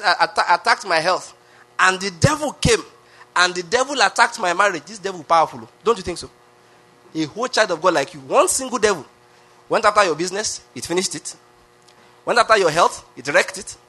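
A man's voice: high-pitched, sharp tone, breathy edge. A man preaching a sermon, emphatic, with lots of repetition and rhetorical questions. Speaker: pastor.

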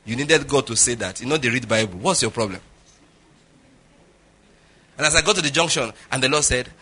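A man's voice: mid-range voice, a little fast, long pauses, sharp tone, slight background noise. A Nigerian man preaching a sermon as pastor, telling humorous stories and acting out conversations. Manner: humorous storytelling, acts out dialogue, laughs often.

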